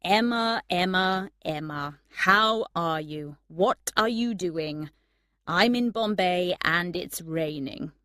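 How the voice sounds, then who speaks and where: A woman's voice: lowish voice, fairly bright tone, no room sound, clean studio sound. A woman voicing a drunk young man's letter to a friend in a storybook reading.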